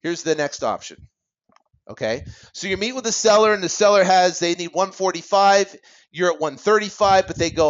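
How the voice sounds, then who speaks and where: A man teaching real estate investing in an energetic, worked-up way, acting out talks with sellers and tossing in "right?" asides. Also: high-pitched, dull audio. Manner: fast, animated, acts out seller dialogue, many "right?" asides.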